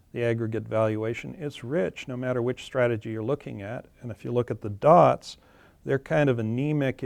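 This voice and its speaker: A man's voice: mid-range voice, vocal fry, a little mellow, no room sound. A man explaining charts in a webinar, plainly and with some fillers and self-corrections. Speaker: webinar presenter. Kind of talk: webinar presentation walking through charts.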